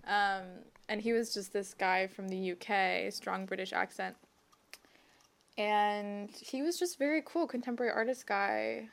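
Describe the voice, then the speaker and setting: A woman's voice: mid-range voice, measured pace, vocal fry. A woman in her late twenties chatting casually, laughing often and acting out the people she quotes. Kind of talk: casual chat.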